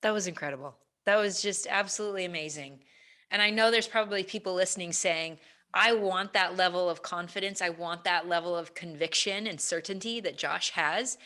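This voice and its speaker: Bright-voiced woman hosting an interview. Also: lowish voice, brisk. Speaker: podcast host and coach. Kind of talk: interview questions.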